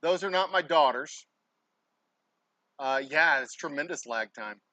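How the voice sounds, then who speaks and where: A man's voice: fairly high pitch, expressive, unhurried, pushed and bright, dry recording, poor audio. A man livestreaming casual chatter while he works, rambling and swearing freely. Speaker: distillery owner livestreaming. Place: indoors at a distillery workspace.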